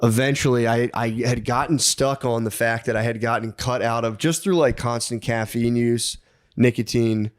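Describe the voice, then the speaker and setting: A man on a podcast, spinning a long anecdote in loose, profane casual chat. He rambles, restarts and breaks into laughter. His voice sits at an ordinary middle pitch. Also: steady tone, normal speed. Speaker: podcast co-host.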